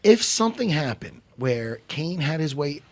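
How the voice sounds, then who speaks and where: High raspy man, joking chat, very animated, dry close mic. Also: moderate pace, no echo. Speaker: co-host and fight analyst. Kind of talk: casual chat.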